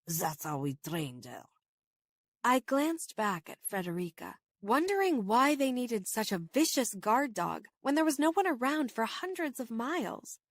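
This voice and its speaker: A woman reading a first-person horror novel aloud in steady, measured audiobook narration. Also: sits high, no echo, clean studio sound.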